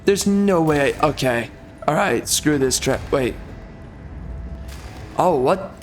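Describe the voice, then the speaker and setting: Young man, gamer commentary, frustrated, stammering, slightly high pitch. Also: expressive, slow pace, long pauses, faint music behind. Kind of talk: casual game commentary.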